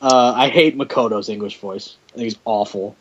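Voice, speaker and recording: A man's voice: lowish voice, normal speed, husky, lo-fi sound. A man hosting a podcast in casual chat, blunt and jokey, steering the talk along. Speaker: podcast host.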